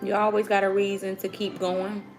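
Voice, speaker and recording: Gravelly-voiced mom vlogger chatting with viewers. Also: female voice, medium pitch, completely flat delivery, normal speed, soft background music, low-quality recording. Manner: chatty, addresses viewers as y'all. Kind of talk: casual vlog chat. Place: home kitchen with kids nearby. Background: children talking.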